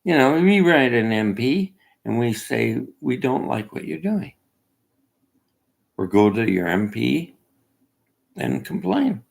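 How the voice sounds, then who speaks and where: Gravelly husky man, rambling opinion monologue, wild pitch swings, slow delivery. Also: very animated. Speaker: self-made video commentator. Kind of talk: casual monologue.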